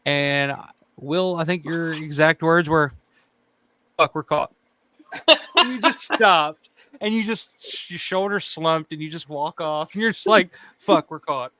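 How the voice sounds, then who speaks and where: A man's voice: on the high side, measured pace, sharp tone, a little hiss or hum. A man hosting a casual chat show, telling a story in a loose, swearing way, laughing often and acting out what people said. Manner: swears freely, laughs often, acts out quotes. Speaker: channel host.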